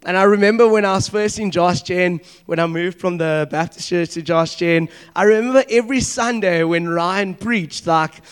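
A young man preaches with a fairly high voice, keeping it loose and conversational. He slips into quick acted-out exchanges and checks in with his listeners as he goes. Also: clear, resonant tone. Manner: conversational, animated preaching with asides and acted-out dialogue. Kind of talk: sermon.

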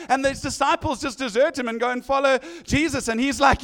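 A man preaching a sermon, animated and conversational, acting out the voices he quotes. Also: very high voice, moderate pace, few pauses.

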